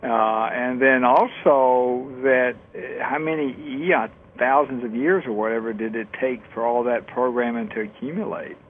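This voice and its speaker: A man's voice: mid-range voice, normal speed, hardly any pauses, a little hiss or hum. A man co-hosting a casual radio talk, chatty and laughing easily, with loose trailing sentences. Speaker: co-host. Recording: narrow phone-like radio sound.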